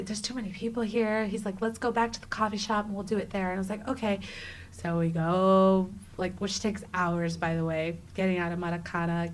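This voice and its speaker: A woman in her thirties, a guest on an interview show, telling a personal story with lively energy and acting out the dialogue. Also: mid-range voice, slight background noise, low-quality recording. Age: 30s. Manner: animated, acts out quoted dialogue with many "like"s. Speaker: guest, travel writer.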